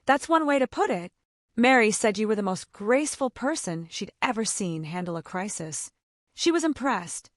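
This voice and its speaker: A woman voicing a shy, kind man in his thirties who works as a carpenter, gentle and a bit bashful. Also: mid-range voice, expressive, moderate pace, no room sound, clean studio sound, lightly acted.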